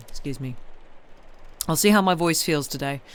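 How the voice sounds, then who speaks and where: Woman host, slightly croaky, casual chatty stream talk. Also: low voice, measured pace. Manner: chatty and rambling, reads viewer comments aloud. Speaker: host of a story-reading stream. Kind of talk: casual chat with viewers.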